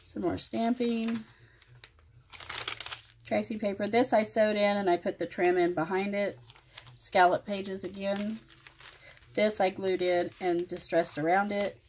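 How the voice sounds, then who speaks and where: A woman hosting her own craft channel, showing a finished project page by page in plain, unhurried commentary made of short phrases. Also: mid-range voice, flat delivery, darkish tone, slight background noise. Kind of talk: casual show-and-tell walkthrough.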